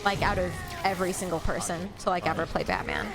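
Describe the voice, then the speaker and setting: A woman chats casually on a game stream, rambling through an anecdote with plenty of fillers. Game music plays clearly underneath her voice. She keeps the tone loose and friendly. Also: fairly low pitch, fairly even intonation, fast talker. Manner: chatty storyteller who acts out quotes.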